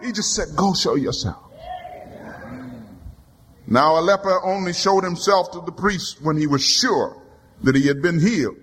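A man preaching a sermon from the pulpit, building rhythmic repeated refrains that swell into shouts. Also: high voice, normal speed, slightly rough. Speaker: pastor. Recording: long hall reverb.

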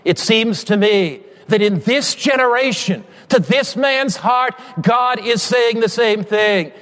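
Man, preacher, high-pitched, impassioned sermon, long hall echo. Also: lively intonation, takes it slowly, few pauses. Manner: impassioned, rising to shouted appeals.

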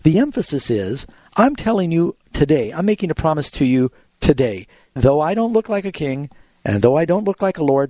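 A man hosting a call-in Bible radio program, explaining scripture in a measured, teacherly way. His voice sits at a middling pitch and is recorded close and dry, with no room sound. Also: mellow, no room sound. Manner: explanatory, tells anecdotes, measured. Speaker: radio Bible show host.

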